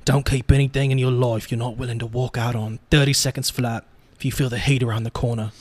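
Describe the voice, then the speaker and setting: A man's voice: mid-range voice, level tone, fast, close to an everyday voice. A man voicing a hardened male career thief in an exaggerated mock street British accent, reading a film scene with friends. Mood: tough. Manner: exaggerated tough-guy delivery. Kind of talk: casual script read.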